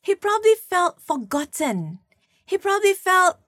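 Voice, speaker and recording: A woman with a Malaysian English accent preaching a sermon, telling stories in an animated way with playful asides. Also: on the high side, unhurried, no echo, studio quality.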